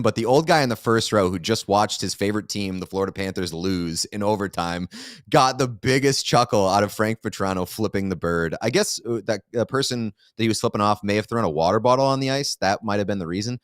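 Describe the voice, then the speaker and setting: A man's voice: fairly low pitch, lively intonation, a little fast, no echo. A man co-hosting a sports podcast in casual chat, giving dry, wry commentary. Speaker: podcast co-host.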